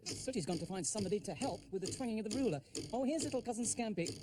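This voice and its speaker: A man's voice: sits high, very animated, fast, background noise. A man presenting a children's TV show, playful and often breaking into laughter. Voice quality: playful, laughs at his own jokes. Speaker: children's TV host.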